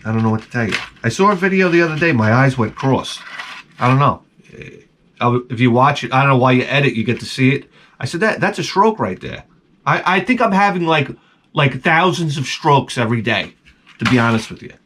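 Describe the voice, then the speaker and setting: A man's voice: mid-range voice, animated, fairly quick, a bit bright, a little hiss or hum. A middle-aged man vlogging, telling rambling, crude and profane stories that keep interrupting themselves. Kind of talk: casual rambling storytelling.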